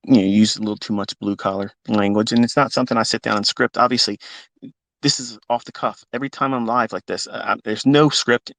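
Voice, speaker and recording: A man's voice: medium pitch, fairly bright tone, no echo. A fifty-year-old man, a trading mentor, speaking off the cuff in a live audio talk, emotional and blunt and swearing freely. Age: 50s.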